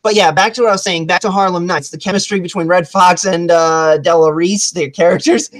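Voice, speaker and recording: A young woman hosting a casual chat about movies, rambling and animated, with many restarts. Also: on the low side, a little fast. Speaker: host.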